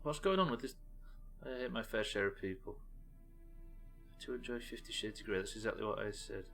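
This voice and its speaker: A man's voice: on the low side, fairly quick, gravelly, a bit bright, faint music behind. Sarcastic, sweary English man. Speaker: streamer. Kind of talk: live gameplay commentary.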